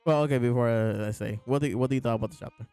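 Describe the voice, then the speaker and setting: A man's voice: medium pitch, rapid-fire, warm tone, clear, resonant tone, no echo, faint music behind. A man casually reviewing and discussing a comic chapter, rambling with many fillers and chuckles. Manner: laid-back, rambling, lots of fillers and laughs. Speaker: podcast host reviewing a manga chapter. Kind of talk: casual chat.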